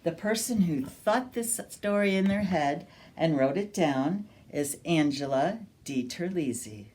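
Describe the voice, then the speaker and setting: A woman reading a picture book aloud at a children's storytime, slow and sing-song, inviting the children to join in. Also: deep voice, animated, darkish tone.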